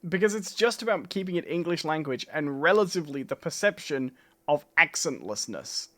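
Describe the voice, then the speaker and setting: A man's voice: on the high side, sing-song, moderate pace, a bit bright. A man co-hosting a live stream, chatty and opinionated, often checking in with "you know". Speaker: podcast co-host. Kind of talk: casual live-stream chat.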